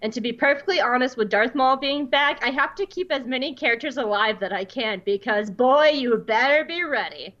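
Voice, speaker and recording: A woman's voice: high-pitched, expressive, moderate pace, hardly any pauses, fairly bright tone, muffled recording. A woman hosting casual commentary, chatty and full of fillers, reading quotes aloud.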